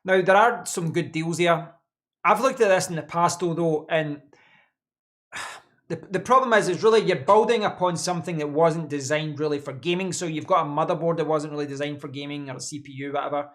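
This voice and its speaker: A man's voice: fairly high pitch, brisk, a bit bright. A man hosting a casual live stream from his home office desk, answering chat in a rambling way and repeating words as he thinks.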